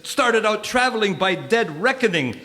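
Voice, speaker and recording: A man's voice: high voice, sing-song, moderate pace, bright, forceful tone, exaggerated voice. An actor playing a chummy, wisecracking wise man in a live stage comedy sketch. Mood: wry. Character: wisecracking male wise man, deal-hunting. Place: theatre stage. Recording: echoey theatre hall with room noise.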